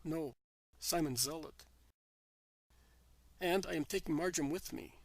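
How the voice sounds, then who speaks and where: A man reading the part of Jesus, a calm, gentle teacher, in a measured, solemn way. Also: a little high, gravelly, no room sound, poor audio.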